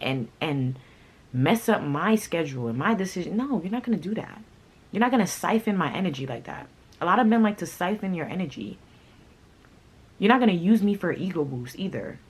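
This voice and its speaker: A woman with a low, husky voice tells a personal story straight to her viewers. She talks in a blunt, animated way and swears freely. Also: moderate pace, poor audio. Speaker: vlogger. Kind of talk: casual storytime.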